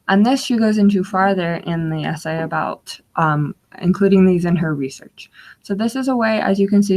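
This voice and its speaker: A young woman giving an instructional webinar, explaining slides step by step with frequent fillers. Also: mid-range voice. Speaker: webinar guest speaker.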